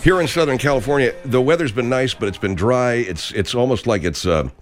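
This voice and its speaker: A man's voice: mid-range voice, a little fast, faint music behind. A man hosting a comedy talk radio show, chatty and wry as he plugs the show.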